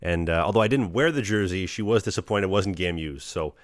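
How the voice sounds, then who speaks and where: A young man talking quickly and earnestly on his own podcast, full of fillers and motivational asides. His voice sits low and the close microphone leaves it dry, with no room sound at all. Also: no room sound. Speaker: podcast host, hockey goalie. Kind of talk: casual podcast chat.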